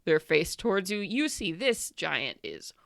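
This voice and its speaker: A woman's voice: fairly low pitch, very animated, a little slow, gravelly, no room sound, clean studio sound. A woman narrating as game master for a tabletop game, describing scenes in a rambling way full of likes and uhs.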